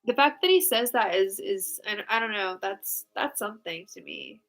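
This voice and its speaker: A woman's voice: mid-range voice, expressive, moderate pace, a bit bright, soft background music. A young woman giving casual live tarot readings, answering viewers in a frank, chatty way with lots of fillers and restarts. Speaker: tarot reader.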